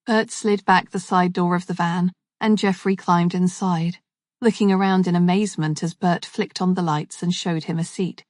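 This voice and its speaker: A woman with a lowish voice reading a crime story in an even, measured way. The recording is dry and close, with no room sound. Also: dry recording. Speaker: narrator. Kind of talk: scripted narration.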